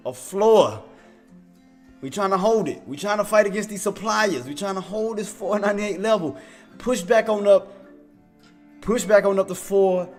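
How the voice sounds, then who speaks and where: High-voiced guy doing live trading commentary, laughs a lot, faint music behind. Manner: playful, laughs often; repetitive, hypes himself up. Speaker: day trader streamer.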